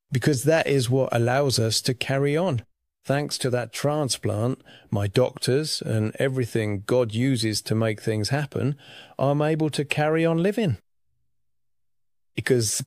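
In a medium-pitched voice, recorded studio-clean with no room sound, a man earnestly shares his personal faith testimony about receiving a lung transplant, telling it in a reflective storytelling manner.

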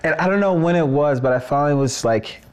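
Animated young man telling a story. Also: fairly high pitch, quick pace, clean tone. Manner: animated, says "bro" and "like" often. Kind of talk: casual storytelling chat.

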